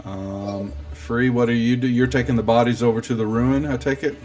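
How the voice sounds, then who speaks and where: A man narrating as game master at a tabletop session, hesitant with many pauses. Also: medium pitch, fairly even intonation, darkish tone, faint music behind.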